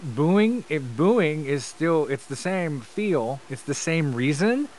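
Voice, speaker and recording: A man co-hosting a wrestling podcast in casual chat, upbeat and jokey with quick asides. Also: a little high, big pitch swings, darkish tone, slight background noise, rough recording. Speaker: podcast co-host.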